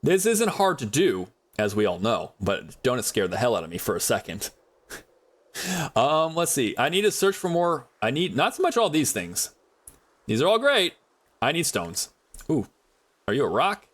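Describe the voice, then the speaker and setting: A man's voice: mid-range voice, huge pitch swings, moderate pace, fairly bright tone. A man streaming a survival game, chatting loosely with viewers and talking to items in the game, in a rambling, chatty way. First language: English is his only language. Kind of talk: casual gameplay commentary.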